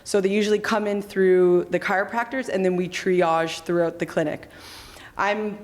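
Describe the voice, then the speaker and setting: A woman's voice: mid-range voice, steady tone, normal speed, darkish tone. A woman in her thirties, a chiropractor, talking casually in an interview, chatty, with many fillers and restarts. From Canada. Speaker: chiropractor and clinic founder.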